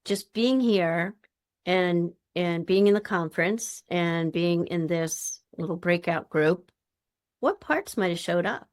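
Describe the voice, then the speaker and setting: A woman's voice: lowish voice, slow. A woman presenting a workshop in a chatty, informal teaching style. She acts out the voices of the people she quotes.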